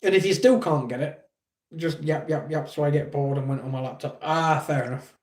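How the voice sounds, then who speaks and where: Mellow-voiced English man chatting on stream. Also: a little high, a little fast. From England. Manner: reads chat aloud and answers viewers with blunt teasing. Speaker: livestream host. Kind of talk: casual livestream chat.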